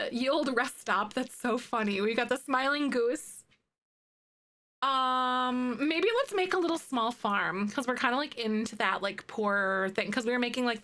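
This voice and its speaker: A young woman with a slightly high, somewhat bright voice streams a life-sim game, chatting casually with viewers as she plays. She's bubbly and talkative, says "like" constantly, and answers the chat.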